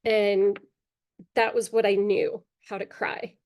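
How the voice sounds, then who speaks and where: A middle-aged woman speaking as an interview guest, recounting her own life in a candid, halting way. Her voice sits at an ordinary middle pitch, broken by pauses and small fillers. Now and then she clears her throat, bothered by allergies. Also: level tone, a little mellow. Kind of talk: personal storytelling in an interview.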